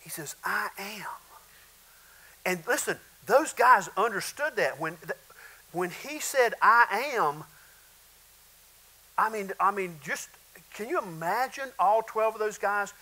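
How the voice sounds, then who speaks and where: A man's voice: sits high, lively intonation, a little slow, bright, forceful tone, rough recording. A male pastor preaching a sermon in an emphatic, repetitive way, often calling out to the congregation.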